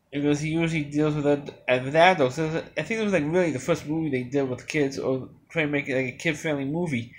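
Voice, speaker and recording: A man giving an unscripted movie review, rambling along with many restarts and fillers. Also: fairly high pitch.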